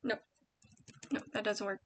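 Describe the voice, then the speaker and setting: A woman vlogger thinking aloud about writing, soft and hesitant, often correcting herself. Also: mid-range voice, steady tone, unhurried, slight background noise. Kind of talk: thinking aloud while typing.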